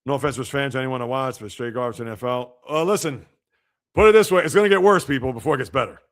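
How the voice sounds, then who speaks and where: A man hosting a live sports podcast, reacting to news and reading out viewer comments in an animated, chatty way. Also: mid-range voice, fast talker. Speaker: podcast host.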